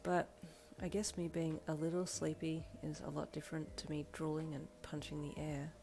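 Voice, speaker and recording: A woman voicing a sleepy, easygoing young man who talks in a soft, mumbling way. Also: low voice, level tone, normal speed, vocal fry, soft background music. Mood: drowsy.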